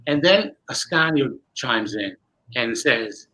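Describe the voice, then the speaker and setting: A man recounts a long story in a relaxed interview, his voice fairly high and very bright. He talks with energy and slips into the voices of the people he describes. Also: brisk, poor audio. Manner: animated, acts out dialogue. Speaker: guest magician. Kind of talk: casual storytelling.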